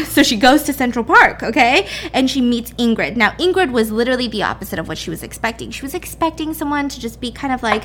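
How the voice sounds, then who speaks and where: Woman, casual storyteller, rambly and lively, acts out the dialogue; light background hiss. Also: a little high. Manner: animated, acts out characters' lines in quotes; fast rambling, self-correcting, swears casually. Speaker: storyteller recapping a book.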